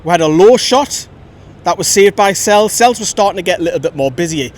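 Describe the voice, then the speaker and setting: A man giving a chatty, opinionated post-match reaction as host of a fan channel, filmed outdoors by a road. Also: a little fast. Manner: chatty, opinionated, lively storytelling. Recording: faint traffic rumble outside.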